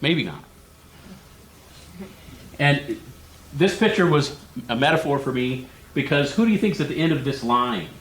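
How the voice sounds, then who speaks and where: A male therapist delivers a conference talk like he's telling a story, mimicking the voices of parents and children and regularly asking the audience "right?" to keep them with him. His voice is medium-pitched with lively intonation, and he speaks a little slowly with long pauses. There is a faint hiss or hum on the recording.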